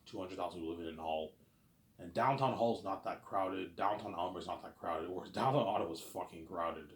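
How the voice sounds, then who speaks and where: Speaking fairly quickly in a low voice, this Canadian man vlogs in a rambling, repetitive way. He swears casually and keeps asking "you know what I'm saying", and the recording is reverberant.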